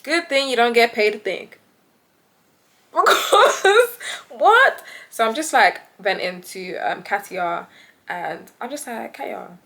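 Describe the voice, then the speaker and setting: A young British woman vlogger telling a story casually, animated and laughing often, acting out the voices of the people in it. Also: fairly high pitch, slow.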